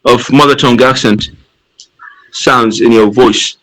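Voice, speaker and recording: A man's voice: mid-range voice, steady tone, unhurried, a bit bright, low-quality recording. A man taking part in an online discussion over a video call, playful and teasing, calling people mate. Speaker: workshop participant.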